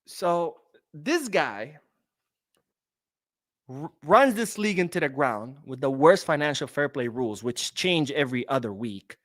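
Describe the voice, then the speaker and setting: A man's voice: on the high side, very animated, measured pace, no echo, clean studio sound. A young man hosting a live-streamed football podcast, ranting sarcastically and reading out viewer comments. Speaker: podcast host.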